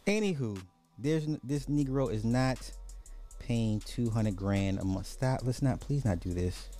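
A man hosting a podcast, giving animated, joking commentary and repeating phrases for effect. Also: mid-range voice, measured pace, faint music behind. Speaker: podcast host. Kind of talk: casual comedic commentary.

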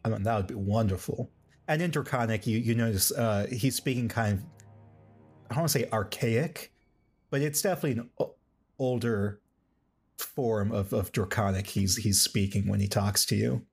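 A man voicing a centuries-old male dragonborn in a put-on Southern drawl, halting and rambling. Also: on the low side, vocal fry, slightly rough, soft background music. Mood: musing.

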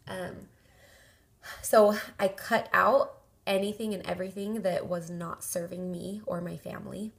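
A woman's voice: lowish voice, fairly even intonation, measured pace, vocal fry. A woman co-hosting a podcast, speaking sincerely and candidly in a casual chat. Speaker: podcast co-host.

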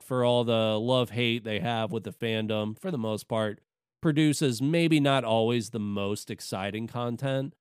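A man's voice: lowish voice, clean tone, no echo, studio quality. Rambling man in casual game chat. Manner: rambling, with many fillers and restarts. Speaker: podcast co-host. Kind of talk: casual chat about video games.

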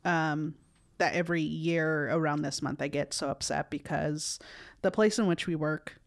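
A woman's voice: deep voice, steady tone, moderate pace, vocal fry. A woman co-hosting a podcast in casual conversation, talking in a rambling way with many fillers and restarts. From United States. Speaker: podcast co-host.

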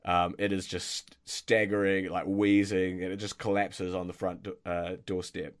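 A man's voice: low voice, flat delivery, unhurried, clear, resonant tone. A man narrating a tabletop role-playing game as game master, with many ums and restarts. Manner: hesitant, many fillers and restarts.

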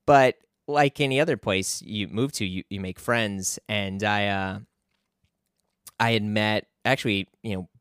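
A man's voice: on the low side, measured pace, fairly bright tone, smooth, no echo, clean studio sound. A young man talking casually as a podcast guest, telling a rambling story full of fillers and restarts.

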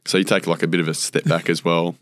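A man's voice: sits low, little pitch movement, fast, fairly bright tone, dry recording, clean studio sound. An Australian man, a former cricketer, chatting as a guest and telling rambling stories full of fillers and acted-out quotes. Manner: rambling anecdotes with many fillers, acts out quotes. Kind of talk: casual storytelling interview.

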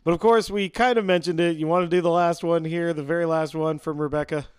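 Upbeat male co-host with a slightly high voice, recorded dry and close; chatty, quick to laugh. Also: fairly even intonation, smooth, dry recording. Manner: upbeat, laughs often, says "man" and "guys". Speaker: podcast co-host. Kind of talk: casual podcast chat.

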